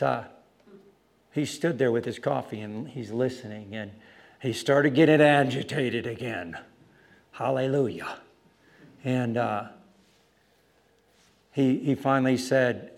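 A man preaching, telling a story about street preaching with lively, animated delivery and acted-out voices. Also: medium pitch, normal speed, gravelly, pauses often. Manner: animated storytelling, acting out other voices loudly. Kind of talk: sermon with storytelling.

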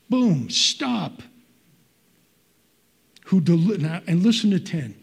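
A man's voice: sits high, big pitch swings, slow pace, vocal fry, pauses often, breathy edge. An older man preaching a sermon in an earnest, conversational way with folksy asides.

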